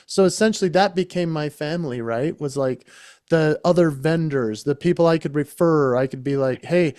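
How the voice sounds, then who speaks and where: A man's voice: a little high, normal speed, darkish tone, clear, resonant tone, no echo. A man telling an enthusiastic story as a podcast guest, talking casually into a close microphone. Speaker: guest, entertainer and speaker.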